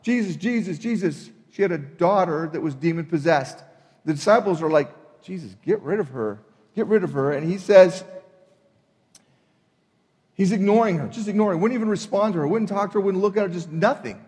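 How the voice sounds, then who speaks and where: High-voiced man preaching in a hall. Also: a little mellow. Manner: emphatic, acts out voices in retelling. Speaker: pastor. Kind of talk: sermon.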